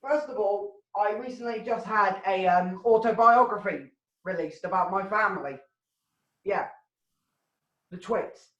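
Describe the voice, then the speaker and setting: Brief: woman MC, rambling sweary rants, middle pitch, roomy home video-call sound. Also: measured pace, long pauses, a bit bright, muffled recording. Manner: sweary, ranting, laughs at own jokes. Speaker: comedy show MC. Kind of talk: casual rambling stand-up hosting.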